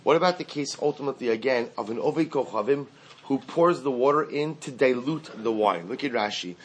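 A man of middling pitch teaches a Talmud class. He reasons aloud in a singsong study cadence, weaving Hebrew and Aramaic terms into plain talk. He restarts phrases and asks and answers his own questions. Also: animated, fairly quick, slightly rough.

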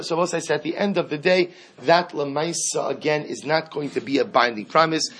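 A man teaching a Talmud class, animated, acting out the quoted speakers as he explains each case. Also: fairly high pitch, brisk, breathy edge. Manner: animated, acts out quoted speakers, mixes Aramaic terms into English.

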